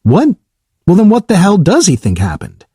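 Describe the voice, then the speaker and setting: A man's voice: high voice, huge pitch swings, moderate pace, warm tone, husky, dry recording, clean studio sound, voice pushed up, heavily acted. A man voicing a blunt male naval test pilot in an audiobook, curt and clipped, swearing when pressed. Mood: exasperated. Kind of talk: audiobook character reading.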